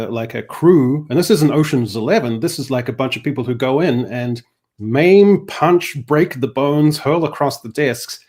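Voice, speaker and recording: Casting: man co-host, casual, animated and exasperated recap. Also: mid-range voice. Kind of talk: casual chat.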